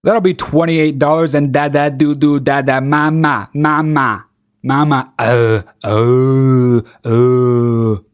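A man's voice: medium pitch, steady tone, slow, smooth, natural voice. A man doing a babbling adult-baby cashier. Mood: babyish. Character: grown man acting babyish as a cashier.

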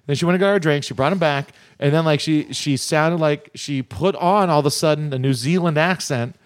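A man hosting a radio show in casual chat, rambling and halting, laughing often. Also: a little high, no echo.

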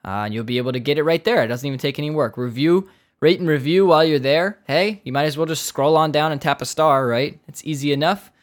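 A man's voice: fairly high pitch, fast. A man hosting a hockey podcast, talking casually with rambling asides, joking tangents and many fillers. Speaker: podcast host.

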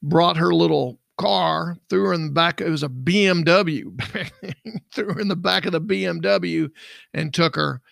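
Gravelly middle-aged man telling a case story. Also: on the high side, measured pace, fairly bright tone, dry recording, clean studio sound. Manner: rambling, acts out quoted dialogue. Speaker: podcast co-host, former investigator. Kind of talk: casual true-crime storytelling.

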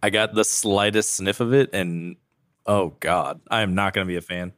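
A man's voice: deep voice, normal speed, no echo, clean studio sound. A man co-hosting a podcast, chatting casually and joking while he tastes and rates whiskey. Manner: relaxed, joking, rating whiskey aloud. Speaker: podcast co-host. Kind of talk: casual chat.

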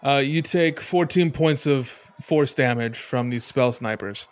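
A man narrating as game master in a casual tabletop game session. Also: medium pitch. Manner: casual, unhurried narration with fillers.

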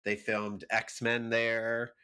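A man's voice: mid-range voice, completely flat delivery, very slow, bright, forceful tone, clear, resonant tone. A man co-hosting a casual podcast, joking and laughing often as he chats about a film. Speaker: podcast co-host.

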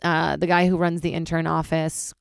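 A woman stand-up comedian hosting her own podcast, rambling casually, swearing freely and jumping wildly in pitch. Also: normal speed, vocal fry, clear, resonant tone, no echo, studio quality. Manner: animated, swears freely, big jumps in pitch.

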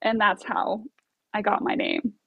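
A woman's voice: medium pitch, flat delivery, a little slow, creaky, husky, no echo, highs cut off. A woman telling a story as an interview guest, bubbly and chatty with many fillers and laughs. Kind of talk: casual storytelling.

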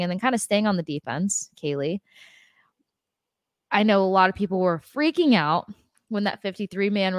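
A woman co-hosting a sports podcast, talking to fans in a lively, emphatic way. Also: fairly low pitch, no echo, studio quality. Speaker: podcast co-host. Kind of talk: casual sports chat.

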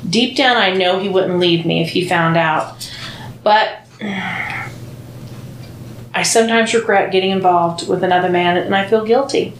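A woman's voice: fairly low pitch, measured pace, pauses often. A woman co-hosting a podcast, chatting casually and reading listener comments aloud, blunt and profane, laughing often. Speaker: podcast co-host. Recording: echoey room with faint noise.

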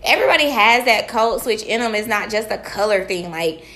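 A woman chatting candidly as a podcast co-host, telling animated stories with quoted asides. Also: medium pitch, fairly quick. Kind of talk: casual chat.

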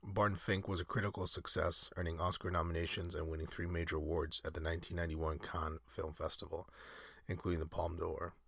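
A man's voice: deep voice, level tone, fairly quick, creaky, a bit bright, breathy edge, no echo. A man reading aloud in a casual podcast, often breaking off into rambling, self-correcting asides. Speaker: solo podcaster.

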